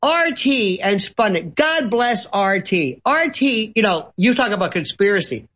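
A man's voice: high-pitched, sing-song, measured pace, fairly bright tone. A man speaking as a guest commentator, theatrical and sarcastic, with an ornate vocabulary and mocking put-on voices. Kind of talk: ranting talk-show commentary. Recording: dull lo-fi audio.

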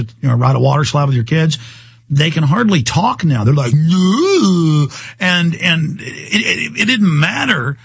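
A man hosting a talk radio show, ranting in a rambling, heated way. His voice sits a little high and has a husky edge. The sound is close and dry, with no room around it. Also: no room sound.

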